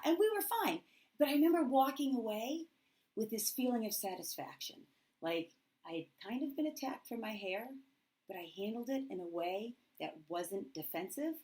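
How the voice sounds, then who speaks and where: A woman's voice: mid-range voice, expressive, moderate pace, a little mellow. A teacher speaking straight to camera, telling a personal story with candid feeling and acting out remembered dialogue in her own voice. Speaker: middle school teacher.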